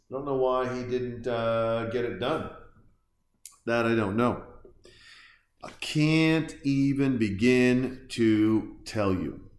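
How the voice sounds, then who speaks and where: A man's voice: mid-range voice, a little mellow. A man hosting a podcast from his house, rambling through casual, sarcastic commentary as he reacts aloud to a movie. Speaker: podcast host. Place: room in a house. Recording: roomy echo.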